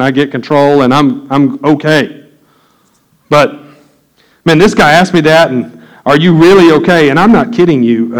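A man's voice: medium pitch, poor audio. A middle-aged man preaching a sermon, telling a candid personal story that builds to impassioned preaching. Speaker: pastor.

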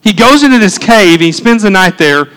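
High-voiced guy preaching a sermon, animated, keeps talking straight to the crowd. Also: normal speed, smooth, poor audio. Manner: animated preaching with conversational asides. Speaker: pastor.

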